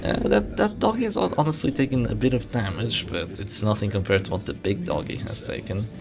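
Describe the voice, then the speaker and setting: A man with a low, gravelly voice calls a game tournament in relaxed play-by-play, joking with his chat as he goes. Game music plays clearly behind him. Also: fairly quick. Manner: bantering, reads and answers live chat. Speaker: tournament caster. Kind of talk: casual play-by-play commentary.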